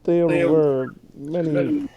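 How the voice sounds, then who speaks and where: A man voicing a gruff, blunt male dwarf warrior with a put-on Russian accent and clipped, broken phrasing. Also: a little high, very animated, extremely slow, lo-fi sound, voice pushed up, full character voice. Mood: stern.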